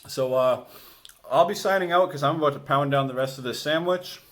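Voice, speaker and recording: Relaxed male coach, easygoing vlog chat to his students, talks while eating. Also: a little high, a little fast. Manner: relaxed and chatty, talks with his mouth full. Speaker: school gym coach. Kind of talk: casual cooking vlog to students.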